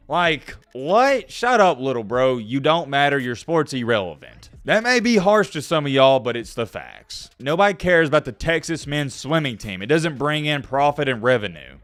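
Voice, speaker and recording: A man with a fairly high voice rants bluntly, his pitch leaping up and down as he hammers his points home. He sounds dismissive and emphatic. The recording is dry and close, with no room sound. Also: fairly bright tone, clear, resonant tone, dry recording. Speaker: sports channel vlogger. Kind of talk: opinion rant to camera.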